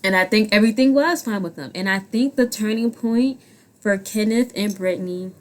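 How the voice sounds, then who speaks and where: A woman in her twenties giving blunt, profane commentary on a reality dating show, jumping between loud outbursts and quiet asides. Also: medium pitch, normal speed. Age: 20s. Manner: blunt, profane and animated, swinging loud and soft. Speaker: vlogger. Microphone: own handheld mic.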